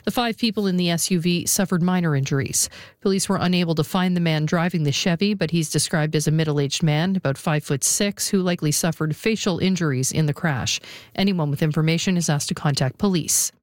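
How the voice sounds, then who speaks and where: Low-voiced woman reading radio news. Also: no room sound, clean studio sound. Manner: measured, formal delivery. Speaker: newsreader. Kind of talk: scripted radio newscast.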